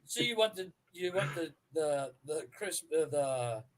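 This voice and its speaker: A man's voice: on the high side, animated, measured pace, background noise. A man co-hosting a crude comedy podcast, chiming in with short jokes and swearing. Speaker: podcast co-host.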